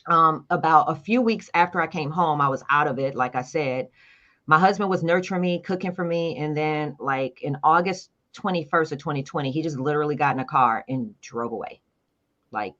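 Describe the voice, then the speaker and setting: A woman guest in a casual interview, telling a long story with lively acted-out quotes. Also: deep voice, a little fast. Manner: animated storyteller acting out quoted dialogue. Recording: dull lo-fi sound.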